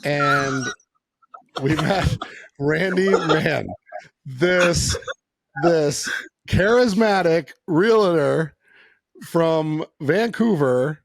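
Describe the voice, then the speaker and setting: A man hosting a podcast, introducing his guest in relaxed, chatty talk. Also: a little high, extremely slow, gravelly, long pauses. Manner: relaxed, chatty, lots of fillers. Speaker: podcast host. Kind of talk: casual podcast chat.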